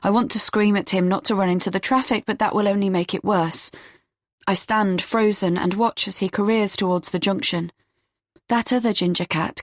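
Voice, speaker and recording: A woman reading a first-person audiobook in a tense, measured storytelling manner. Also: mid-range voice, dry recording, clean studio sound. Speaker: audiobook narrator.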